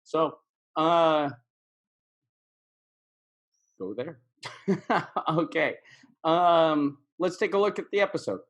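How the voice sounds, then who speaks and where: A man's voice: on the high side, slow pace, pauses often, fairly bright tone, lo-fi sound. A man teaching English in a casual video lesson, repeating words and phrases for practice.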